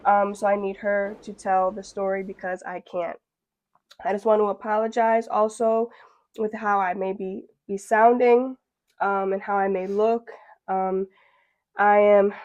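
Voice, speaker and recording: A young woman introducing her vlog episode, apologetic and low-key. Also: little pitch movement, measured pace, darkish tone, lo-fi sound. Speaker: vlogger.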